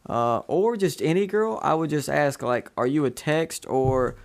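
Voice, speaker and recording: A man's voice: a little high, measured pace, vocal fry. A man hosting a podcast in casual chat, rambling with many fillers and restarts. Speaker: podcast host.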